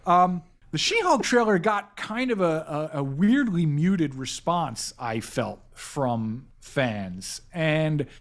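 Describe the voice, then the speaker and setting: A man's voice: fairly high pitch, animated, takes it slowly, few pauses. A man hosting a casual pop-culture podcast, talking enthusiastically with lots of restarts and self-corrections. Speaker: podcast host, editor-in-chief.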